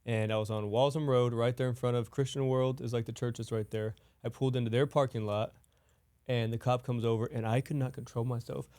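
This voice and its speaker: A man's voice: medium pitch, little pitch movement, brisk, warm tone. A man co-hosting a podcast, telling a story casually and animatedly, often saying "dude.". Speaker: podcast co-host.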